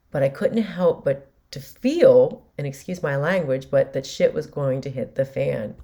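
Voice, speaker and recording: A woman's voice: extremely low pitch, moderate pace, hardly any pauses, warm tone. A woman host candidly recounting a personal story in a conversational way. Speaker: podcast host.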